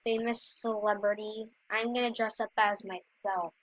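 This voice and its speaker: A woman's voice: medium pitch, steady tone, moderate pace, hardly any pauses, fairly bright tone, dry recording. A woman chatting to her viewers in rambling, casual gameplay commentary. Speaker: gameplay video creator. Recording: dull lo-fi dry recording.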